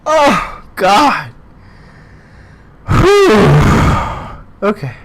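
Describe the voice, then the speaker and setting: Young male let's-player, panicky screamer, lively swooping high voice, unhurried when calm. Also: background noise. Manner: screams and yelps in panic, then talks calmly. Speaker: gamer playing a horror game. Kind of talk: let's play commentary.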